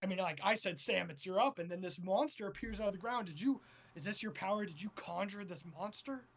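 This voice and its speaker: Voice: medium pitch, brisk, vocal fry. A game master voicing a stern, blustering male captain of a hero team, firing off baffled questions.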